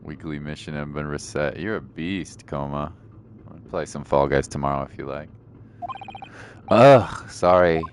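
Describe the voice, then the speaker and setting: A man's voice: very deep voice, fairly even intonation, moderate pace, slight background noise. A man giving casual, joking commentary while playing a video game. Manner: laid-back, joking asides to viewers. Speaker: gamer streaming a first play. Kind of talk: casual let's-play commentary.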